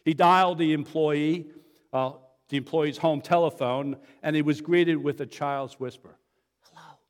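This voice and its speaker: A middle-aged male pastor preaches in an easygoing, anecdotal way, stumbling and restarting now and then. His voice sits a little high for a man. The sound carries the long reverb of a large church hall. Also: fairly even intonation, measured pace. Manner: conversational, folksy, with fillers and restarts. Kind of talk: sermon with storytelling.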